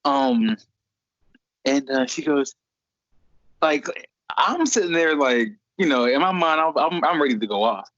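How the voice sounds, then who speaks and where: Young man, casual storyteller, animated, dry dull recording. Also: a little high, measured pace, pauses often, dry recording. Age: young adult. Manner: animated, acts out voices in quotes.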